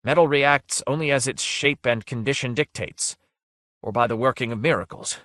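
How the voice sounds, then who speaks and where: A man reading aloud, voicing a haggard male sorcerer who explains things gravely. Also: medium pitch, normal speed, a bit bright, dry recording, voice pushed up, close to an everyday voice.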